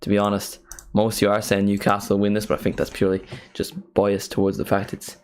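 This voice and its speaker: An Irish man hosts a live football watchalong, talking casually to his viewers. His voice sits fairly low, and his chat wanders and pokes fun at himself. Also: completely flat delivery, fast talker, slight background noise. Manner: rambling, chatty and self-mocking. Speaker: football streamer hosting a watchalong.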